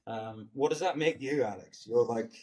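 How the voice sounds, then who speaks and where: A man's voice: medium pitch, moderate pace, dark tone, a little hiss or hum. A man in his forties with a Scottish accent, a guest on a film interview, talking in a loose, rambling way and searching for words. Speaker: actor guest. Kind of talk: casual interview chat.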